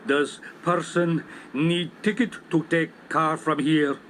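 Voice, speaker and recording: A man voicing a skinny foreign stranger with a foreign accent and broken, halting speech. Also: a little high, fairly even intonation, a bit bright, slight background noise. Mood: urgent.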